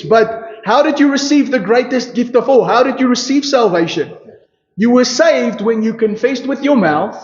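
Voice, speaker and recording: A man's voice: extremely high pitch, a little mellow. A man preaching a sermon as pastor, emphatic, with rhetorical questions and a repeated "you see". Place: church hall. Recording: echoey church hall, dull lo-fi sound. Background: congregation calling out responses.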